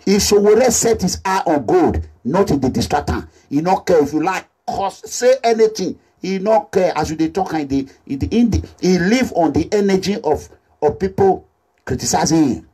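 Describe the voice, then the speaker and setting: A man with a Nigerian accent delivers an impassioned social media appeal, recorded as a selfie video indoors. His husky voice sits fairly high and leaps around, and he repeats his points and drifts into Pidgin English. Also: normal speed. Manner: animated, repetitive, mixes Pidgin English. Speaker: political activist. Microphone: phone or camera selfie video.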